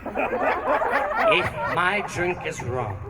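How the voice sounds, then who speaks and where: A man's voice: high-pitched, wildly swooping pitch, drawn-out words, a loud crowd, full character voice. A man voicing a stern, suspicious older woman customer who coldly threatens, from a distant mic in an echoey hall with noise. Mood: threatening. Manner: cold, threatening.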